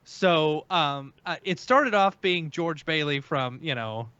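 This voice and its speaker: A man with a bright, edgy voice hosts a casual podcast, speaking slowly and haltingly with plenty of fillers. The sound is dry and a bit dull, as from a remote setup. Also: a little high, lively intonation, clean tone, dry recording. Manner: slow, halting, many fillers. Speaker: podcast host. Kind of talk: casual chat.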